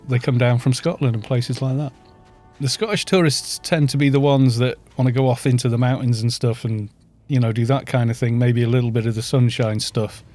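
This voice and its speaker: A man's voice: medium pitch, mellow. Chatty Welsh man streaming a game. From North Wales. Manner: chatty, joking, reads chat aloud. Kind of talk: casual live-stream chat while gaming.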